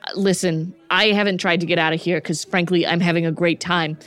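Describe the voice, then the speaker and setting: A woman's voice: lowish voice, steady tone, fairly quick, fairly bright tone, smooth. A woman acting as game master, narrating a tabletop game in a laid-back way with frequent chuckles.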